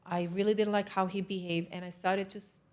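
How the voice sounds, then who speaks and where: A woman's voice: medium pitch, little pitch movement, fairly quick, darkish tone. A woman from Israel with an Israeli accent, a podcast guest telling a story in casual conversation and acting out the dialogue, with non-native grammar.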